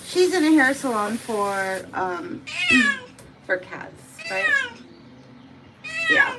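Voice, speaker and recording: A woman's voice: sits high, huge pitch swings, very slow. A woman cat groomer chatting on a livestream in a grooming salon, cooing and humming to the cat as she works. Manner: coos and hums to the cat. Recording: loud background noise.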